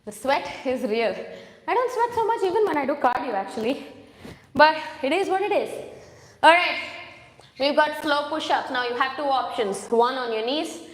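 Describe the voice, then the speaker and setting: High-voiced woman coaching a workout. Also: expressive, moderate pace. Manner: counting reps, upbeat coaching. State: out of breath. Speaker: fitness instructor. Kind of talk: workout class instruction. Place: home room with a hard floor. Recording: echoey room with long reverb.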